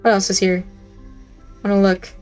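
A woman's voice: mid-range voice, level tone, moderate pace, darkish tone, soft background music. A woman hosting a gaming channel, talking to herself as she plays, humming, reading in-game text aloud and laughing at her own scares. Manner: chatty, talks to herself, hums and reads aloud; easily startled, laughs at herself. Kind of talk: let's-play commentary.

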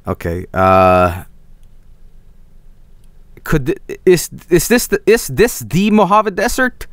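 A young man with a Swedish accent streaming a geography guessing game, thinking aloud, swearing and breaking into excited yelps. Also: fairly high pitch, slow pace, pauses often, dry recording. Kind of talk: casual gameplay commentary.

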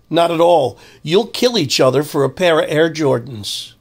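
An older man delivering an angry, emphatic monologue as a commentator. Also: on the high side. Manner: emphatic, heated ranting.

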